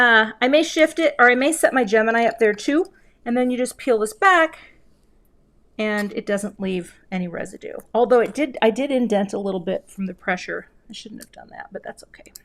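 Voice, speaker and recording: A woman's voice: on the high side, lively intonation, moderate pace, a bit bright. A middle-aged woman hosting a live card-making demo at home, chatting and joking about herself as she works. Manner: chatty, self-deprecating, talks while working. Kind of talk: live crafting demo chat.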